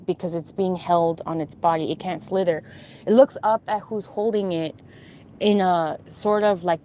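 A woman casually recounting a strange dream, pausing often and restarting as she searches for words. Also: medium pitch, a little mellow. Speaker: storyteller.

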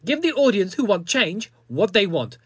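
Host: man, high and animated, sardonic and crude, husky tone, dry sound. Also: moderate pace, no room sound. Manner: sarcastic, self-mocking, crude. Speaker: comedy podcast host. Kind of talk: sardonic comedy monologue.

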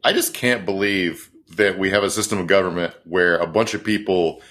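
Sweary sarcastic guy on a podcast, kinda low voice, rambly. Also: fairly even intonation, moderate pace, a bit bright. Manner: profane, sarcastic, rambling with fillers. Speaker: podcast co-host. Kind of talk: casual political commentary.

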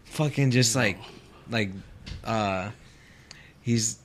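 A man's voice: on the low side, drawn-out words, crowd noise. A man who is a guest on a podcast, telling a story in casual chat, loose and full of fillers, swearing freely as he talks. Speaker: podcast guest, pro fighter.

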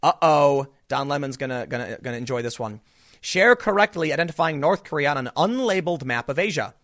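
A man's voice: fairly high pitch, expressive, fairly quick, fairly bright tone. A man giving a sarcastic, mocking political commentary monologue.

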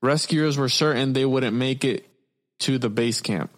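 A man's voice: medium pitch, unhurried. A young man hosting a casual podcast, reading stories aloud, swearing freely and stumbling over words. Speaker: podcast host.

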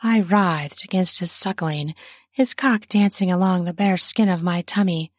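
A woman narrating an erotic story in the first person, soft and breathy, sometimes dropping to a whisper. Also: lowish voice, unhurried, dry recording, studio quality.

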